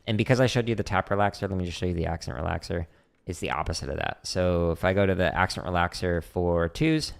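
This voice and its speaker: A man's voice: deep voice, creaky. A man teaching drum rudiments on a casual livestream, thinking aloud and counting beats, with drums playing behind him. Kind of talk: casual livestream drumming lesson. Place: home practice room.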